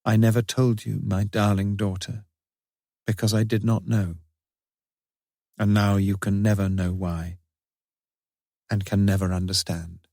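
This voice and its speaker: A low-voiced, anguished father pours out his confessional diary in a solemn, despairing, theatrical way, as a man reads it. The sound is close and dry. He stays heavy and grieving throughout. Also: flat delivery, unhurried, gravelly, pauses often, darkish tone, no room sound.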